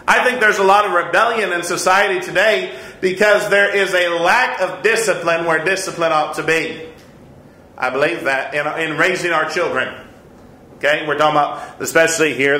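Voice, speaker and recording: Bright earnest man teaching in echoey church. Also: sits high. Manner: earnest, repeats points, chuckles at himself. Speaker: Sunday school teacher. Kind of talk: conversational Bible lesson. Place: church room.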